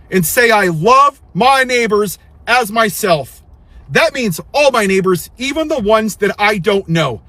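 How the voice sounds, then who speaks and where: High-voiced man preaching at viewers. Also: sharp tone, dry recording. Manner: preachy, confrontational, rhetorical questions. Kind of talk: direct-to-camera commentary.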